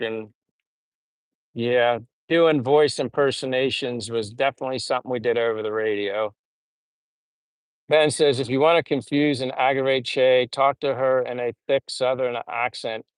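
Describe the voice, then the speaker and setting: A middle-aged American man with a plain General American accent hosts a casual livestream, reading viewer comments in a relaxed, rambling way full of fillers. His mid-range voice sounds clean, with no room sound.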